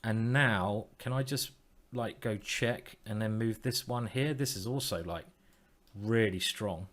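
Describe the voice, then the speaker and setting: Playful low-voiced man thinking aloud. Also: a little slow, fairly bright tone. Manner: playful, self-mocking, talks to himself and his opponent. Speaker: chess streamer. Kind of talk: thinking aloud while playing online chess.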